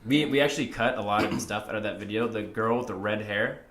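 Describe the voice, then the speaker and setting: A man's voice: fairly low pitch, fast, a crowd in the background. Guy hosting a podcast, swears a lot, gets worked up telling stories, kinda echoey room. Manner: animated storyteller, swears freely. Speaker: podcast host. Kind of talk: casual chat.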